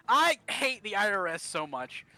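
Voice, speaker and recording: Young tabletop player, excitable, bright animated voice. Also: medium pitch, soft background music. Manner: excitable, quick, stumbling restarts. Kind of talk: casual tabletop game chat.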